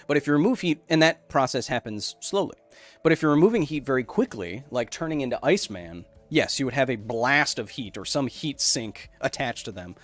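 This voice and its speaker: A man's voice: mid-range voice, lively intonation, a little fast, faint music behind. Rambling man hosting a science livestream. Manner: rambling, self-interrupting, loose explanations. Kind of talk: casual live chat, reading viewer messages.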